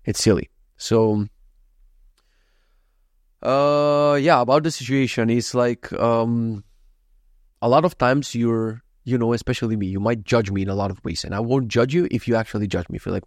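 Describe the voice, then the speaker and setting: A man's voice: mid-range voice, moderate pace, no echo, clean studio sound. A young man talking candidly in a rambling, confessional monologue, swearing freely and restarting his sentences often. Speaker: software entrepreneur.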